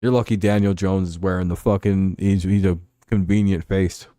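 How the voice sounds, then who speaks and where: A man's voice: low voice, steady tone, normal speed, mellow, no room sound, clean studio sound. A man hosting a casual sports livestream, rambling through profane rants and reading chat. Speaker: sports show host.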